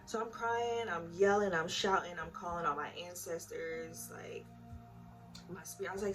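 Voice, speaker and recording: A woman's voice: medium pitch, fairly quick. A young woman telling her own story in a casual, emotional way, speaking straight to her viewers. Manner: chatty, emotional, addresses viewers directly. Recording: voice a bit far from the mic with music behind. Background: background music.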